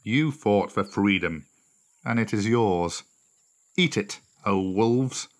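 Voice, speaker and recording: A man voicing a calm, wise male panther who speaks slowly and gravely. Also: on the low side. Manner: slow, measured, grave.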